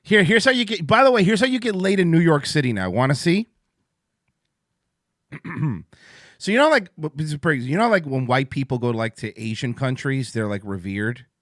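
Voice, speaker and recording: A man rambles through a casual livestream chat, excitable and profane, wired on coffee. His pitch swings widely as he talks, and the sound is dry and close. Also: normal speed, no echo. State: amped up on coffee. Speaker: podcast host.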